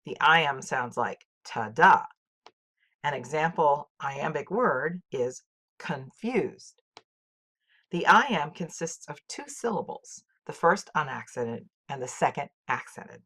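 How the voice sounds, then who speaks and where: A woman teaching, reading a scripted poetry lesson in a clear, measured way and reciting poems with marked rhythm. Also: low voice, expressive, bright, forceful tone. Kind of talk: scripted educational narration.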